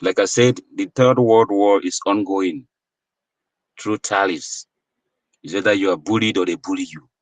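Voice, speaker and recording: A Nigerian political commentator delivers an impassioned, preachy monologue packed with rhetorical questions, rising to emphatic peaks. His fairly low voice moves at a moderate pace in a dry, low-quality recording.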